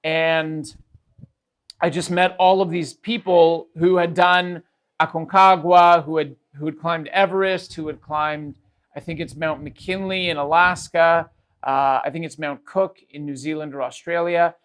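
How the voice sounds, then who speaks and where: A male podcast host tells a story in a casual, rambling manner. He restarts his sentences and uses lots of fillers. His voice is a touch higher than most men's. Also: steady tone, unhurried, a bit bright, clear, resonant tone.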